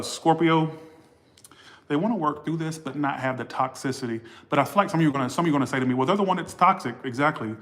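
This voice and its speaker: Man, casual tarot reading, blunt, profane, rambling, mid-pitched voice. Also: fairly bright tone. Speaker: tarot reader.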